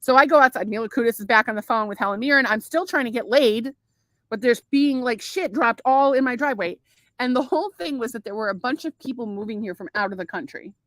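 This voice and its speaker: A woman telling stories on a podcast in a loose, rambling, profane way. Her voice sits a little high and sounds dry and close, with no room echo. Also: quick pace, a bit bright. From United States. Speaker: podcast co-host. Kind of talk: casual married-couple chat. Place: home in Florida.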